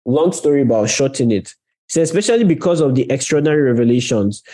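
A man's voice: on the high side, expressive, a little fast, dark tone. A man preaching a conversational sermon on prayer, talking directly to his listeners and stressing key words. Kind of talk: sermon teaching.

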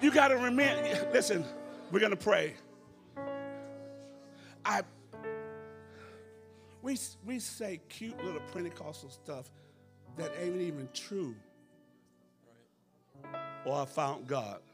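Fervent gravelly preacher, slightly high voice. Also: male voice, slow, long pauses, over music. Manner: impassioned, swings from hushed to shouting, speaks in tongues. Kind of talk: fervent Pentecostal sermon. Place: church service.

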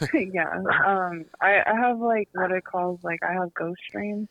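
A young woman with a gravelly, creaky edge to her voice. She talks loosely and casually, leaning on fillers as she chats as a guest medium. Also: fairly low pitch, takes it slowly, no room sound, highs cut off. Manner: relaxed, many fillers and likes. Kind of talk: casual chat.

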